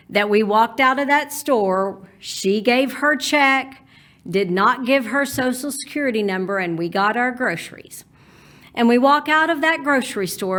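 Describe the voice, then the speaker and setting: Texan woman storyteller, fairly high voice, folksy and animated delivery. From Texas. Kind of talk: personal storytelling.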